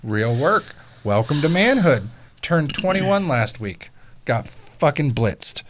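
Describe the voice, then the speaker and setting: A man's voice: on the high side, big pitch swings, takes it slowly, a little hiss or hum. A young man hosting a casual podcast, telling loose, profane stories. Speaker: podcast host.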